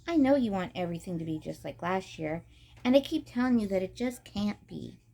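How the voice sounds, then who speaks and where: A woman's voice: mid-range voice, expressive, fairly quick, creaky, mellow. A woman reading aloud as a prim, bossy teenage sister in a storybook, with a haughty, dismissive tone.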